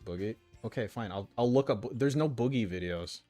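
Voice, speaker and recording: A man's voice: fairly low pitch, fairly quick, mellow, faint music behind. A man streaming, reacting to videos in crude, sarcastic, swearing commentary.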